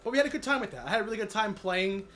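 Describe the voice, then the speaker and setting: A man streams live, recapping his channel's year casually and energetically with many fillers and shout-outs. His high voice comes out rapid-fire and cracks, since he is recovering from being sick.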